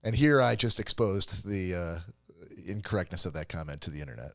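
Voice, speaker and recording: A man's voice: sits low, animated, brisk, creaky, a bit bright, dry recording, studio quality, faint music behind. A man co-hosting a casual comedy podcast, rambling and joking and laughing often. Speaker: podcast co-host.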